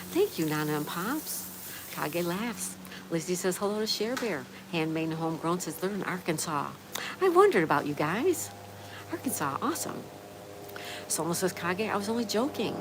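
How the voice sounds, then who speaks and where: Woman, livestream host, reads chat aloud, chatty, slightly low voice, noisy background. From Florida. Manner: chatty, reads out viewer names and messages. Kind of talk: reading live chat aloud. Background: rain ambience.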